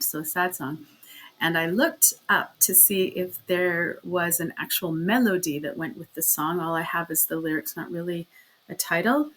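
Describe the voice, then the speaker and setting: A woman reading a classic short story aloud, chatting casually with fillers before an expressive reading. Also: lowish voice, rough recording. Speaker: story reader.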